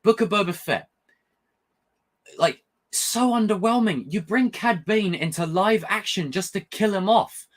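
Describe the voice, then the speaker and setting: With a high-pitched voice and a measured pace, a young man covers a show in his casual vlog as a film and TV reviewer. His delivery is animated, rambling, passionate and full of profanity.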